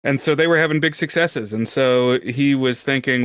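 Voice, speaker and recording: A man co-hosting a film podcast, explaining things in a measured, orderly way during casual chat. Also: mid-range voice, a bit bright, clean tone, no room sound, studio quality. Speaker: podcast co-host.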